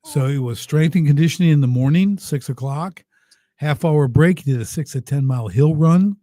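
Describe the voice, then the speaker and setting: Upbeat storyteller man, mellow tone. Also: on the high side, moderate pace, no room sound. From United States. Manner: lively, emphatic storyteller who gets choked up. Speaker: podcast guest, business coach. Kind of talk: casual storytelling in an interview.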